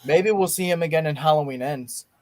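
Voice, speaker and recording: A young man chats through a movie watch-along in a rambling, eager way, often restarting his sentences. His voice sits a bit high. The sound is dry and close, with no room echo. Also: a little fast. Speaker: podcast host. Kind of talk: casual watch-along chat.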